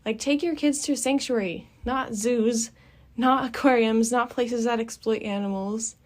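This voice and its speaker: A woman's voice: on the high side, fairly even intonation, a little slow, darkish tone. A young adult woman hosting a podcast, talking in a blunt, passionate, rambling way with many fillers, recorded outdoors. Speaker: podcast host. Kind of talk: casual monologue. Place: outdoors near a building.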